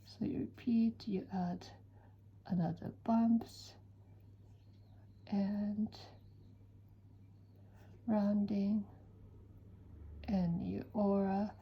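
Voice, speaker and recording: A woman giving a calm step-by-step drawing tutorial, soft-spoken and often dropping to a near whisper. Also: mid-range voice, very slow, pauses often, slightly rough, highs cut off. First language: Japanese. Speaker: certified drawing-art teacher.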